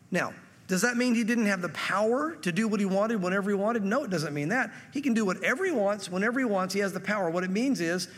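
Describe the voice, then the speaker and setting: A pastor delivers a conversational sermon, reading verses aloud and voicing the people in them. His voice sits high for a man. The sound rings with the long reverb of a hall. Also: husky. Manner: conversational preaching, reads scripture aloud and acts out quotes.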